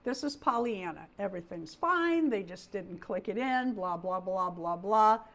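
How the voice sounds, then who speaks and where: A woman's voice: medium pitch, lively intonation, moderate pace, a bit bright. A middle-aged woman hosting a casual livestream, talking through a story with plenty of feeling. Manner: chatty storyteller, talks with feeling. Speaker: host of a doll livestream.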